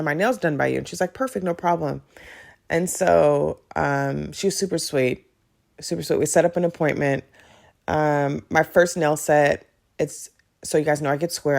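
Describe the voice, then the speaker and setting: A woman hosting a podcast, telling a personal story in a chatty, animated way and acting out the dialogue. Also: deep voice, vocal fry. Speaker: podcast host. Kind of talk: casual storytelling monologue.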